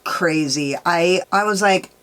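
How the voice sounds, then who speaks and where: A woman's voice: on the low side, takes it slowly, fairly bright tone, clear, resonant tone. A woman makeup vlogger telling a rambling, profane story while doing her makeup, peppering her talk with "like" and "dude".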